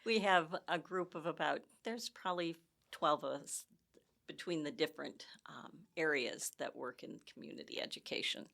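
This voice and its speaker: A woman's voice: low voice, normal speed, creaky, fairly bright tone. A woman from Michigan, a guest in a casual interview, explaining things in a chatty, friendly way with restarts. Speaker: community education guest.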